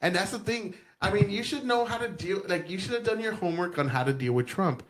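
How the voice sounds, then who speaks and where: A man's voice: high-pitched, lively intonation, quick pace. A man co-hosting a podcast, chatting casually and profanely about politics and acting out quotes with animation. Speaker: podcast co-host.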